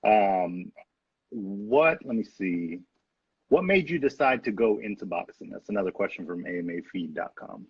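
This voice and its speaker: Low husky-voiced male host. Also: expressive, normal speed, dry recording. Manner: laid-back, reading out viewer questions. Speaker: interview host. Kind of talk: casual interview. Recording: dull, dry lo-fi mic.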